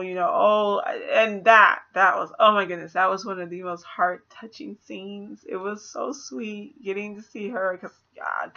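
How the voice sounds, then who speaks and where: A woman giving a casual spoiler movie review, chatty and animated, acting out quotes with laughs. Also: medium pitch, vocal fry. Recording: slightly dull lo-fi audio.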